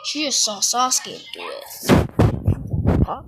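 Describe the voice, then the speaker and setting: Slow-talking young storyteller over music. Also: medium pitch, lively intonation, pushed and bright, low-quality recording. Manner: rambling, self-correcting storytelling. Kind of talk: casual fan-fiction retelling. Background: music playing.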